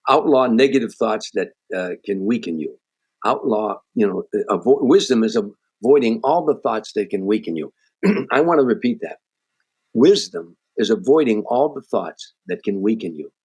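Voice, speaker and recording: A man's voice: medium pitch, a little mellow, breathy edge. A man, a guest comedian on a podcast, telling stories and giving earnest motivational advice, often restarting his sentences. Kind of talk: podcast interview storytelling.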